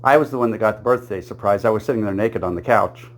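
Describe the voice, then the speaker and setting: A man tells a string of jokes in a joke-telling monologue, using a plain storytelling voice, chuckling at his own punchlines, and slipping briefly into small character voices for quoted lines. His voice is fairly low and he talks fast.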